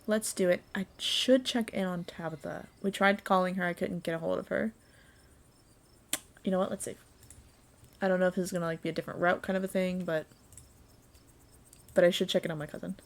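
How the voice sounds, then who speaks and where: A woman streaming a story game, reacting excitably with gasps and casual swearing as she plays. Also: on the low side, fairly quick, vocal fry, pauses often. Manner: excitable, gasping, swears freely. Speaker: gaming streamer. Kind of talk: let's-play commentary.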